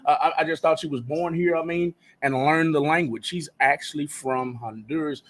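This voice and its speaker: A man's voice: on the high side, normal speed, fairly bright tone. A man hosting a live radio talk show, chatting casually with loose, joking slang.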